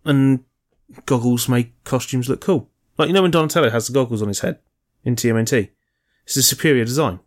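Male co-host, casual and sweary, rambles through movie trivia, mid-pitched voice. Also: fairly quick. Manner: rambling, sweary, enthusiastic about film trivia. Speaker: podcast co-host. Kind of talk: casual chat.

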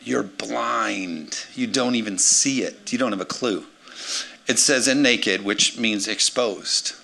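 A man in his forties, a pastor preaching a sermon with energetic swings between loud emphasis and quiet asides. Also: fairly low pitch, a little slow. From United States. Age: 40s.

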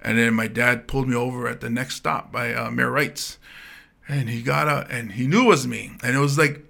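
A man's voice: mid-range voice, normal speed, vocal fry. A man in his thirties from Hawaii with a light Pidgin-tinged accent, telling stories in a casual podcast chat and acting out the voices of the people in them. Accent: Hawaiian Pidgin-tinged English. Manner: animated storyteller acting out quoted voices. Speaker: comedian guest.

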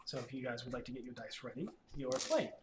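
A man's voice: medium pitch, big pitch swings, fast, noisy background. A man narrating as game master for a tabletop game in a casual, filler-heavy way. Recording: echoey room.

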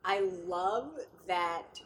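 A woman co-hosting a casual book discussion, chatty and animated, with plenty of filler words. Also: lowish voice, very slow. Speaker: podcast co-host.

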